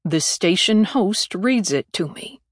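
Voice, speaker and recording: A woman's voice: lowish voice, expressive, takes it slowly, breathy edge, no echo, clean studio sound, pitched below the performer's own voice, full character voice. A woman reading an audiobook, voicing a stiff, formal male ambassador who speaks curtly.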